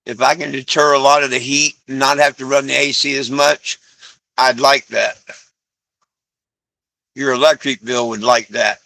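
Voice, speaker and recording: A man's voice: flat delivery, normal speed, creaky, long pauses, no echo. A man chatting casually on a live stream from home, talking to viewers and cooing at his dogs. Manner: coos softly at his dogs in a lower voice.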